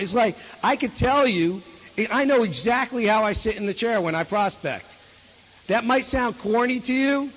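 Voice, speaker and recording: A man's voice: high-pitched, dull audio. A man giving a live sales training talk, blunt and folksy, firing rhetorical questions at his audience. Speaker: business opportunity trainer. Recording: echoey hall with long reverb.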